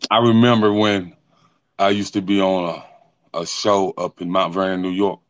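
Man, lowish voice, laid-back, dry close sound, casual host. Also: level tone, normal speed, no echo, muffled recording. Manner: laid-back, repeats words while finding questions. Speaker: podcast host. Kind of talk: casual interview chat.

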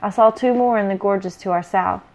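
A woman's voice: medium pitch, normal speed, darkish tone, lightly acted, low-quality recording. Woman reading a curt, confident elf tracker. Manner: matter-of-fact, curt.

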